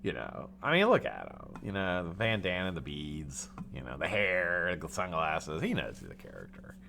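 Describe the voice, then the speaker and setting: A man's voice: sits low, huge pitch swings, normal speed, vocal fry, noisy background. A man in his forties from the United States hosting a casual live stream, joking, swearing and reading viewers' chat names aloud. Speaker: livestream host.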